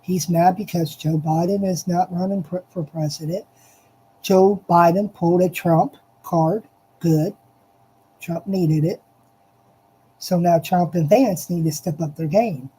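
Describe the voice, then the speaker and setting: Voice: mid-range voice, fairly even intonation, unhurried, mellow, slightly rough, rough recording. A speaker giving an impassioned, repetitive monologue, addressing listeners directly and hammering each point with emphasis. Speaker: political commentator.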